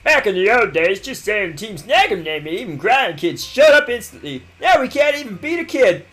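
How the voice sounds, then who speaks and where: A man doing a grumbling, self-pitying gang thug from a video game, pitched high and swinging up and down, with faint game music behind. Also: sing-song, normal speed, fairly bright tone. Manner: reads game dialogue aloud in a put-on voice.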